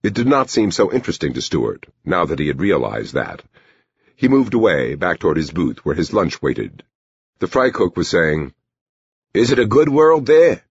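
A man narrating a novel in a measured storytelling manner. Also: a bass voice, very animated, creaky, slightly rough, no room sound. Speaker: audiobook narrator. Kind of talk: scripted narration. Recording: dull lo-fi recording.

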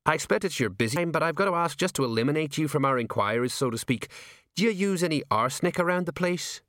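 A chatty, cheery police sergeant, played by a male narrator, who talks brightly and folksily, raising his voice well above the narrator's own. He sounds ingratiating and friendly in this dry audiobook reading. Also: on the high side, lively intonation, fast talker, no room sound, pitched above the performer's own voice. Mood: cheerful. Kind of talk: audiobook character voice.

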